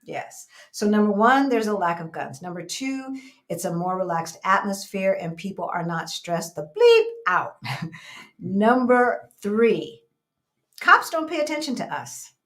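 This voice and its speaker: A middle-aged woman from the United States co-hosting a casual chat, telling stories in an animated, conversational way. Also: mid-range voice, a little slow. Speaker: co-host.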